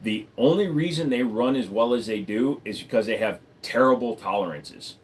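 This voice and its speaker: A man's voice: medium pitch, normal speed. Male livestream host, loose and foul-mouthed, reads chat and riffs off it. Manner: blunt, profane, rambling, reads chat aloud.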